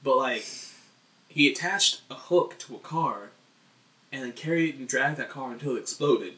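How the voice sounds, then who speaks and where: A man's voice: medium pitch, moderate pace, pushed and bright. A man chatting casually on a podcast, telling long stories and acting out other people's lines. His voice carries a lot of room echo. He sits a little way back from the microphone. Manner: rambling storyteller, acts out voices, laughs often. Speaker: podcast co-host. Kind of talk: casual chat. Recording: roomy sound, mic at a distance.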